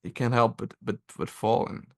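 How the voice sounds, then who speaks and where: A man's voice: medium pitch, little pitch movement, normal speed. A man with a Portuguese accent co-hosting a film podcast, talking casually in a thoughtful, hesitant way with many restarts. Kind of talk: casual film review chat.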